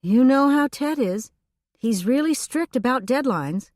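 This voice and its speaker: A woman's voice: high voice, lively intonation, measured pace, darkish tone, no room sound, studio quality, pitched above the performer's own voice. A woman narrator voicing a patient, slightly weary female small-town reporter in an audiobook.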